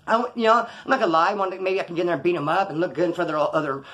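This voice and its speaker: A man's voice: sits high, steady tone, rapid-fire, sharp tone. A man telling a rambling, profane story about his past, acting out the scenes as he goes. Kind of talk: casual storytelling.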